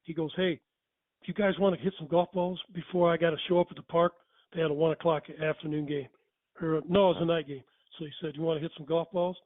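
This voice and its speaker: A man's voice: fairly high pitch, fairly even intonation, fast talker, no room sound. An older man telling stories casually, rambling and correcting himself as he goes. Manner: rambling, self-correcting, chuckling. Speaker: storyteller. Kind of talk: casual storytelling. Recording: tinny phone-like sound.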